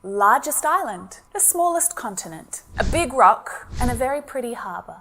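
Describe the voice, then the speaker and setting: An Australian woman giving a clear, friendly scripted English lesson as a teacher. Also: on the high side, big pitch swings, moderate pace, fairly bright tone, slight background noise.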